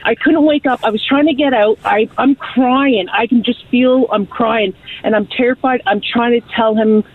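A woman calling in to a radio show and telling a story in a chatty, lively way, acting out what people said. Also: fairly high pitch, normal speed, dry recording. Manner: lively, chatty storyteller who acts out quotes. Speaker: caller. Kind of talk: call-in storytelling. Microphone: telephone. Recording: phone line.

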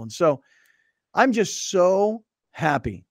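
Animated, higher-voiced sports talk host. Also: male voice, normal speed, no echo, clean studio sound. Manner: animated storyteller, laughs often. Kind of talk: casual sports radio chat.

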